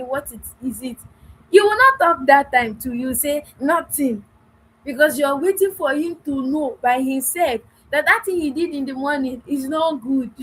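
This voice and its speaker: A woman's voice: sits high, low-quality recording. A woman giving an earnest talk to wives about communicating in marriage, acting out small dialogues and repeating phrases. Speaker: marriage coach.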